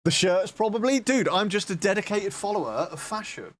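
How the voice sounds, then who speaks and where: A man's voice: sits high, lively intonation, fairly quick. A man from southwest England, chatting casually and joking with his live-stream chat while coding, swearing freely.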